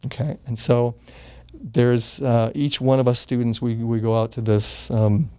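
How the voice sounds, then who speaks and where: A man's voice: medium pitch, level tone, unhurried, mellow. Earnest older man telling a story. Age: 60s. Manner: earnest, gets choked up, swears casually. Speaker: interview guest. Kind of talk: casual storytelling in an interview.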